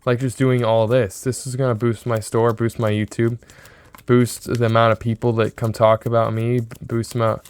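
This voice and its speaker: Young male vlogger, early twenties, smooth clear voice, excitable and rambling, casual to-camera talk. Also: mid-range voice, moderate pace. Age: 20s. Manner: excitable, rambling, repeats himself. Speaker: sports card seller and vlogger.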